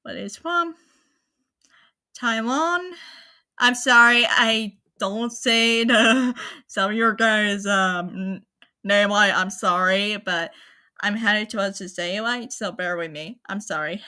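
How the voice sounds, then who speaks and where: A woman hosting her own channel, talking casually to viewers in a halting, apologetic way, with many fillers and restarts. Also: medium pitch, pushed and bright. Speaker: anime channel host. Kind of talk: casual spoken rundown to viewers.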